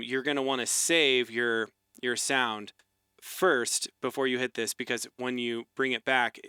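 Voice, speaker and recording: A man's voice: mid-range voice, clean tone, dry recording. A man casually walking through a synthesizer's features, talking loosely with lots of fillers and restarts. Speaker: synth reviewer. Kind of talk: casual gear demo walkthrough. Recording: loud synth music underneath.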